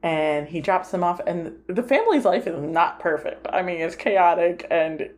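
A woman's voice: fairly low pitch, lively intonation, moderate pace, a little mellow. A woman co-hosting a podcast, chatting casually about a film and retelling its scenes with lots of "like" fillers. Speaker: podcast co-host.

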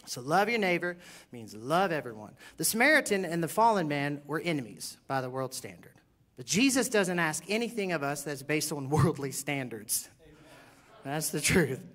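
A middle-aged man preaching a sermon as pastor, animated and joking, swinging from quiet asides to loud bursts. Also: fairly high pitch, normal speed.

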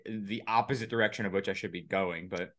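A man's voice: fairly low pitch, fairly even intonation, fast talker, fairly bright tone. A man in his late twenties co-hosting a casual podcast, blunt and wisecracking with frequent swearing. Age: late 20s. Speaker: podcast co-host.

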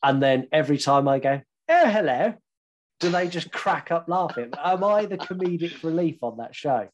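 A man's voice: fairly high pitch, normal speed, muffled recording, slight background noise. Rambling, joking Englishman. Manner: rambling, swearing, jokey storyteller. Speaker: podcast co-host. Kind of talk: casual chat.

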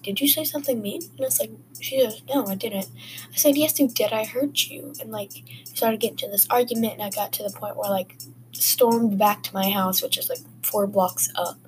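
A woman's voice: medium pitch, slight background noise, poor audio. A woman hosting a casual podcast, telling personal stories in a rambling, chatty way full of fillers. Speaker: podcast host. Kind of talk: casual storytelling.

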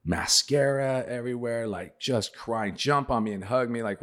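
A man's voice: medium pitch, moderate pace. A middle-aged man, a podcast guest, telling a long story in casual chat and acting out what other people said. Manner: animated anecdote teller, acts out other people's lines.

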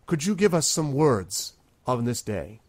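A man's voice: mid-range voice, very animated, measured pace, pitched above the performer's own voice. A man voicing a formal, dignified woman who leads a town, speaking in a stately, ceremonious way.

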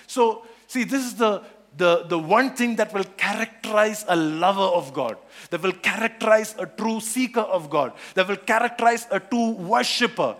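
A man preaching a sermon on scripture, animated, repeating phrases and acting out the quoted voices. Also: high-pitched, moderate pace.

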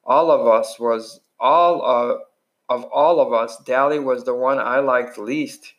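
A man's voice: mid-range voice, takes it slowly, dull audio. Man reading a novel aloud, with slips. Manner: unpolished reading with slips and restarts. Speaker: reader.

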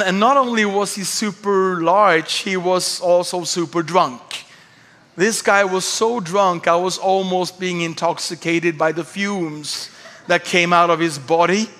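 A man pastor with a Swedish accent, telling a humorous story in a sermon, animated and self-mocking. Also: high voice. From Sweden. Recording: church hall reverb.

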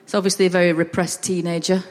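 A woman's voice: fairly low pitch, flat delivery, fast talker. A middle-aged woman from Lancashire, chatting as a podcast guest on a festival stage, laughing and acting out the people in her stories. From Lancashire, England. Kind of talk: casual chat, anecdotes. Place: festival stage before a live audience. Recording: reverberant live stage audio.

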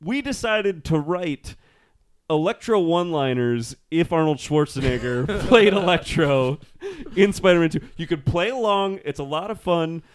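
A man's voice: fairly high pitch, lively intonation, moderate pace, smooth. A man co-hosting a podcast, telling a story with eager, laughing enthusiasm in casual chat. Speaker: podcast co-host.

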